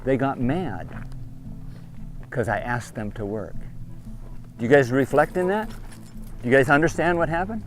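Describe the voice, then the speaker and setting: A man's voice: medium pitch, lively intonation, unhurried, long pauses. Stern man, lecturing a group outdoors, repeats questions, faint music behind. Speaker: trip leader addressing a group of kids.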